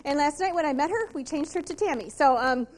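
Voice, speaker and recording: Woman, high-pitched, sales training talk, emphatic, rhetorical questions. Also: expressive, a little fast. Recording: 2002 VHS convention tape.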